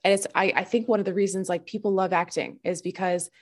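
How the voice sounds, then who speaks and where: A woman guest in casual chat, self-deprecating and quick to laugh, turning earnest and reflective as she explains. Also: on the low side, fairly even intonation, darkish tone. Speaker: podcast guest.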